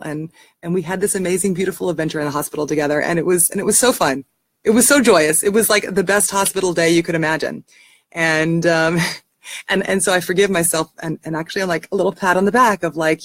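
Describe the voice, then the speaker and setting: A woman talking casually and earnestly to camera about raising children, warm and heartfelt, often restarting her sentences. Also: fairly low pitch, a little fast, no echo. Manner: frequent restarts. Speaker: parenting teacher.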